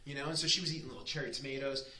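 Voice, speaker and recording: Animated storytelling man, bright voice. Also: mid-range voice, rapid-fire. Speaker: chef and guest. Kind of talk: casual chat. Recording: echoey room with faint noise.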